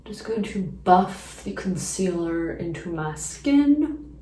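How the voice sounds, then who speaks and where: A young adult beauty vlogger chats casually through her makeup routine, rambling with lots of fillers. Her voice is fairly low and dark, slow, with big pitch swings. The room is echoey, the mic is at a distance, and there's slight background noise.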